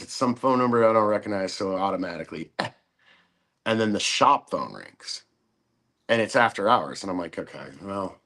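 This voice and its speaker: A man with a fairly low voice tells a long story in relaxed chat. He swears freely and acts out the people he quotes, hopping between his own voice and theirs. He is middle-aged and sounds like a guest on a talk show. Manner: profane, animated storyteller acting out quoted voices. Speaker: podcast guest.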